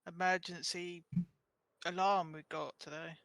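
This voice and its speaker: British accent, bright and sharp tone, dry close sound, chatty, giggly. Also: medium pitch, little pitch movement, measured pace, dry recording. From United Kingdom. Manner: giggly, chatty, laughs often. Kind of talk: casual voice chat.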